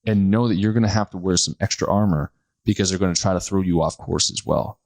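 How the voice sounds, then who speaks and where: A man in his thirties hosting a casual health podcast, talking bluntly with quick self-corrections and asides. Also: low-pitched, a little mellow, dry recording. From United States. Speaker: podcast host, chiropractor.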